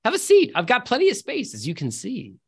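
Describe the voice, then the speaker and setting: A man's voice: very high-pitched, wildly swooping pitch, a little fast, slightly rough, pitched above the performer's own voice, exaggerated voice. A man voicing a friendly, rosy-cheeked fortune teller who is effusive and welcoming, with a touch of grandeur.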